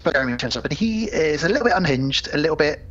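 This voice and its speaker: A man's voice: on the high side, lively intonation, quick pace, muffled recording. A man, a podcast co-host retelling a film's plot at length in casual chat. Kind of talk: casual film-recap chat.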